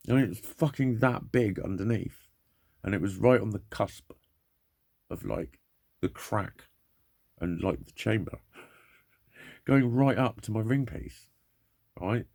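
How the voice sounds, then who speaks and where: A man talks straight to camera in a low, gravelly voice. He rambles, swears often and sounds worn down by pain and frustration. His delivery is candid and unpolished. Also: lively intonation, measured pace, long pauses, darkish tone. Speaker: vlogger. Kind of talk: candid personal monologue.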